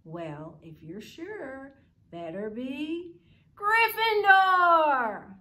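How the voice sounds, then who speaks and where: Upbeat woman hosting a kids' club. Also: medium pitch. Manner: upbeat, kid-friendly, animated. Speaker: librarian hosting a children's club. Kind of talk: reading aloud and craft demo for kids.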